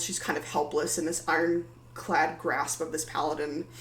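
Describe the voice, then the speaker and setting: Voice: medium pitch, bright, forceful tone. A game master narrates a tabletop session in a rambling, filler-laden way. The voice sits in a roomy space with a faint hum behind it.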